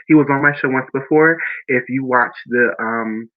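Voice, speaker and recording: A man's voice: medium pitch, normal speed, phone-quality sound. A man hosting his own podcast, rambling chattily with many restarts and fillers. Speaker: podcast host. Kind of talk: casual chat.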